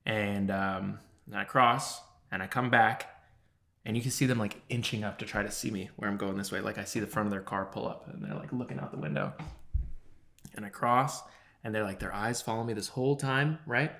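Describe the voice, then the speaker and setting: A young man co-hosting a podcast, telling an animated story with acted-out quotes and frequent swearing. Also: on the low side, fairly quick, vocal fry. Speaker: podcast co-host. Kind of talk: casual chat, storytelling.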